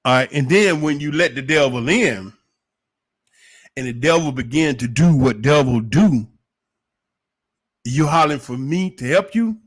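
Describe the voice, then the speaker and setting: A man's voice: a little high, lively intonation, unhurried, pauses often. A man giving an opinionated livestream monologue, preachy and emphatic, firing off rhetorical questions. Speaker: livestream commentator.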